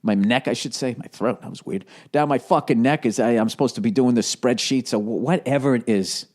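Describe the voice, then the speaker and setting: A man's voice: mid-range voice, brisk, a little mellow. A middle-aged man hosting a solo comedy podcast, profane and ranting, with a cough, recorded in an echoey home office. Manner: profane, ranting, jumps into mocking put-on voices. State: has a cough. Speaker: podcast host. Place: home office with some echo. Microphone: studio headphones and recorder.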